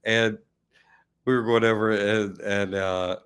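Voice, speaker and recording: Casual, low-voiced male host. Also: flat delivery, slow pace, a bit bright, clean tone. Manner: rambling, restarts, laughs often. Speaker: host of an online academy show. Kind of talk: casual chat.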